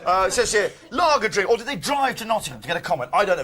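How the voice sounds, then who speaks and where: Joking TV host with high voice. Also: male voice, big pitch swings, pushed and bright. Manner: quick, joking, laughing asides. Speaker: breakfast TV presenter. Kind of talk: jokey live studio banter. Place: live TV studio with audience. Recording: studio with music and crowd noise.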